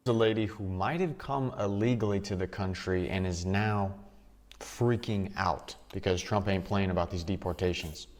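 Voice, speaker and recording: A man narrates a commentary video in a matter-of-fact tone with a mocking edge. His voice is pitched fairly low. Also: normal speed. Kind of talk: scripted commentary.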